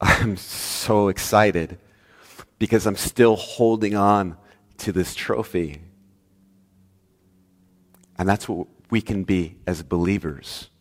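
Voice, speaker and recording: A male pastor preaching a sermon, telling a story with lively swings between loud, emphatic lines and hushed, soft ones. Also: low voice, takes it slowly, long pauses, big-room sound.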